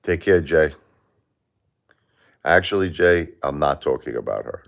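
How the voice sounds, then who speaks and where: A man's voice: very deep voice, lively intonation, a little slow, vocal fry. A grieving man hosting a live stream, talking in an aggrieved, plaintive, repetitive way and answering chat. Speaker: livestream host.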